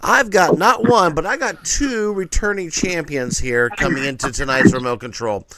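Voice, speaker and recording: A man's voice: fairly high pitch, moderate pace, pushed and bright, slight background noise. A man hosting a game show with chatty, upbeat patter.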